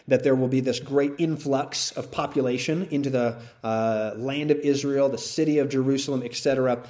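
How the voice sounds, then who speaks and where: A man's voice: mid-range voice, mellow. A man teaching through a Bible passage to a live audience, talking conversationally and often checking in with "right?" and "all right?".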